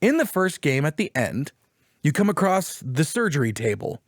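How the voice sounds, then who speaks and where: A young man in casual podcast chat, telling a story with loud, colorful swearing and little put-on voices for the people he quotes. His voice sits a touch high and swoops all over the place. The sound is close and dry, with no room around it. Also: moderate pace, no echo. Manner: animated, profane storytelling recap. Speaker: podcast co-host.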